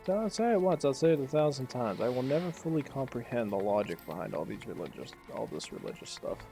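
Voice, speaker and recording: A man's voice: medium pitch, fast talker, creaky, mellow, faint music behind. A man giving casual, sarcastic commentary while playing a game. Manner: sarcastic, offhand, laughing asides. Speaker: let's play gamer.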